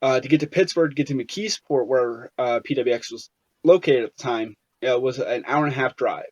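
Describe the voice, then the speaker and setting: A man's voice: mid-range voice, brisk, no room sound. Rambling man telling wrestling stories. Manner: rambling, many fillers and restarts. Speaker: interview guest, wrestler. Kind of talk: casual interview storytelling. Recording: dull, lo-fi sound.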